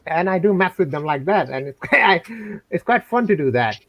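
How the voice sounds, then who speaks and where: A hesitant man with a somewhat high voice who pads his sentences with fillers. The sound is dry and dull, like a lo-fi online call. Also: lively intonation, normal speed, dry recording. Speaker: guest scam baiter. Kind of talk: casual interview chat.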